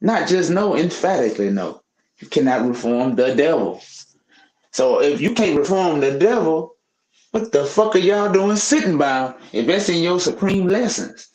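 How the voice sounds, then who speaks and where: A man's voice: on the high side, animated, unhurried, a little mellow. A man giving opinionated casual commentary as a podcast host, in a heated, profane, preachy rant full of rhetorical questions. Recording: echoey room.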